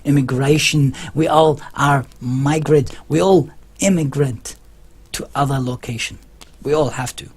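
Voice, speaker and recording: A man's voice: mid-range voice, measured pace, breathy edge. A man talking to camera in a casual opinion vlog, rambling and emphatic, with many restarts. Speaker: vlogger.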